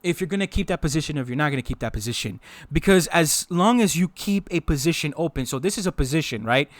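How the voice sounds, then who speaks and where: A man's voice: medium pitch, no room sound. Emphatic man teaching trading. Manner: emphatic, repeats phrases for stress. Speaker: trading instructor. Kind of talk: casual teaching over a chart.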